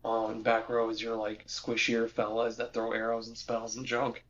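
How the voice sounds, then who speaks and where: A man's voice: medium pitch, monotone, normal speed, a bit bright, dull audio, a little hiss or hum. A young man co-hosting a casual podcast, rambling with lots of restarts and fillers. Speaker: podcast co-host. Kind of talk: casual chat.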